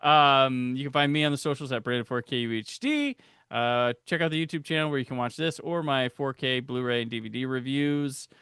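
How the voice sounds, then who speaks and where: A man's voice: medium pitch, brisk, fairly bright tone, clean tone, no room sound, studio quality. A man hosting a podcast in a casual chat, rambling loosely and laughing often. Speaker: podcast host.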